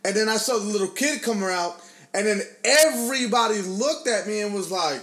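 A man chatting casually among friends, telling an animated story full of swearing and acted-out quotes. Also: sits high, brisk. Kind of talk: casual podcast chat.

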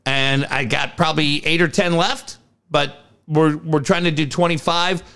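A man's voice: on the high side, steady tone, a little slow, a bit bright, clear, resonant tone. A man co-hosting a sports podcast, chatting casually in an upbeat, rambling way as he plugs upcoming shows. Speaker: podcast co-host.

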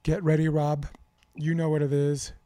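A man's voice: a little high, completely flat delivery, moderate pace, dark tone, no echo, studio quality. A man hosting a casual sports debate podcast, a coach and commentator, talking candidly and rambling with fillers.

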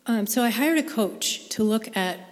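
A woman's voice: fairly high pitch, lively intonation, moderate pace. A woman sharing a personal faith story with a live group, in an earnest, conversational way. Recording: long hall reverb.

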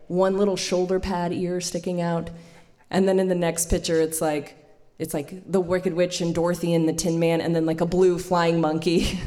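A woman in her thirties hosting a live storytelling night, telling a personal story to an audience in a chatty way, laughing often and filling pauses. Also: lowish voice, mellow. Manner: chatty, laughing, many fillers. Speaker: storytelling event host and storyteller.

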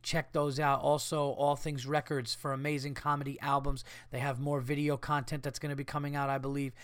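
A man's voice: mid-range voice, little pitch movement, a little fast, a bit bright, no echo, studio quality. A man in his thirties with an American accent, hosting a podcast in a casual comedic monologue, ranting and swearing with exasperation. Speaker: podcast host.

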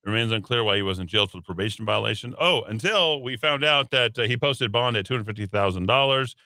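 Sarcastic male talk radio host, bright tone. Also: on the low side, animated, quick pace, no echo. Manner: reads headlines then adds sarcastic asides. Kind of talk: casual talk radio, reading news.

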